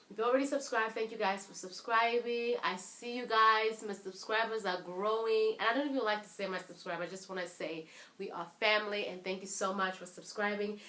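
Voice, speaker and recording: Young south african woman, south african accent, casual storytime vlog, chatty and animated, bright tone, echoey room. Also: mid-range voice. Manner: chatty, animated, repeats herself and restarts often. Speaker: vlogger.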